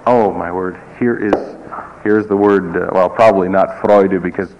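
A man's voice: deep voice, fairly even intonation, normal speed. A man teaching a class, explaining in a digressive, wry way with asides. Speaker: music teacher. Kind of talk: classroom lecture. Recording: muffled lo-fi recording, faint hiss.

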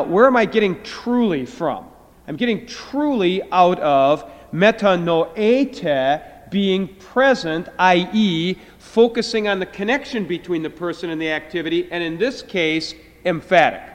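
High-voiced man lecturing in a hall. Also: lively intonation. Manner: explains slowly, drawing out words, with filler restarts. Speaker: Greek professor. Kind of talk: classroom lecture. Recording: hall reverb.

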